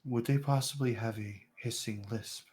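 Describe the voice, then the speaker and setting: A man doing a blind old man in a tabletop game who speaks in a hushed, halting murmur. He is wary and careful, pausing often between soft words. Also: mid-range voice, steady tone, close to an everyday voice. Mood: wary, quiet.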